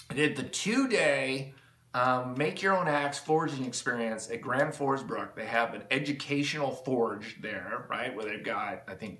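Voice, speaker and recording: A man's voice: mid-range voice, pushed and bright, reverberant. A man hosting his own channel, talking in a rambling, enthusiastic way with lots of fillers and restarts, from his home workshop. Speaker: channel host. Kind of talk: rambling casual vlog talk.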